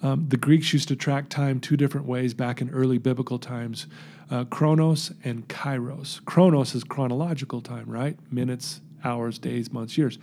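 Man, gravelly, husky, mellow tone, earnest storytelling. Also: mid-range voice, normal speed. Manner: earnest, animated storyteller acting out quotes. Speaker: guest telling his recovery story. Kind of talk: personal storytelling interview.

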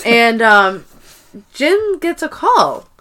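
Higher-voiced woman recapping a TV episode. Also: extremely slow, crowd noise. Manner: animated retelling, acts out quotes, swears freely. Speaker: podcast co-host. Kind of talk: casual recap chat.

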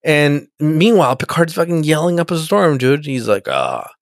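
A man co-hosting a casual chat, animatedly retelling a TV episode and slipping into quick character voices. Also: fairly high pitch, no room sound, studio quality. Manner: animated storyteller, acts out characters in quick impressions, swears a lot. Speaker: podcast co-host.

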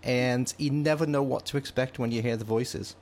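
A man's voice: mid-range voice, steady tone, normal speed, a little mellow, a little hiss or hum. A man from England hosting a podcast, loose and laughing, swearing casually. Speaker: podcast host.

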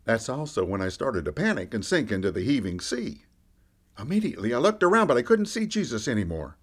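A man's voice: medium pitch, fairly quick, slightly rough. A man playing a candid fisherman disciple, telling his own story in a first-person monologue. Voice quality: lively storyteller, rising and falling with the action. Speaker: podcast storyteller.

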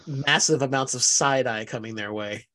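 A man's voice: mid-range voice, moderate pace, sharp tone. A man appearing as a podcast guest, chatting casually and playfully, often laughing and agreeing.

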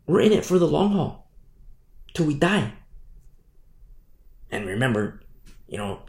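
Emphatic preacher with a gravelly voice. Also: male voice, a little high, very animated, measured pace, long pauses, darkish tone. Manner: emphatic, repeats "you see?". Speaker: pastor. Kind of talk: sermon. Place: church hall. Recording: echoey room.

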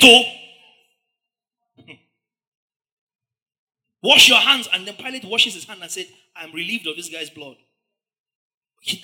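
A man preaching a sermon who acts out the scene and swings into loud, dramatic shouts. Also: high voice. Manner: dramatic, acts out the crowd's lines and shouts them.

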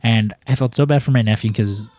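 Young male podcast host, casual and foul-mouthed, rambling anecdotes, slightly low pitch. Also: fairly quick, a little mellow, no room sound. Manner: rambling storyteller, swears freely. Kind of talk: casual chat.

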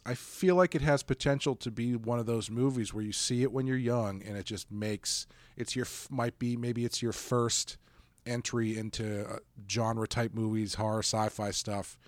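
A man's voice: mid-range voice, steady tone, normal speed, dry recording. Chatty male podcast host, laughing often. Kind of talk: casual chat.

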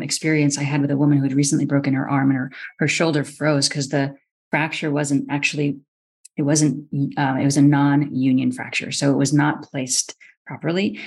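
Animated woman telling a story. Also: deep voice, slightly rough. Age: middle-aged. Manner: lively, acts out quoted voices, frequent restarts. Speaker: osteopathic physician guest. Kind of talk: animated storytelling in a podcast interview.

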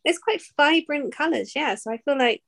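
A woman's voice: high-pitched, lively intonation, moderate pace, vocal fry. A woman co-hosting a podcast in casual chat, easygoing and trailing off as she hedges her opinions. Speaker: podcast co-host.

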